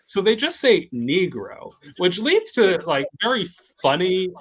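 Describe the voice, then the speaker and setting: A man chatting casually on a group live stream, animated and going off on rambling tangents. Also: high-pitched, measured pace, slightly rough.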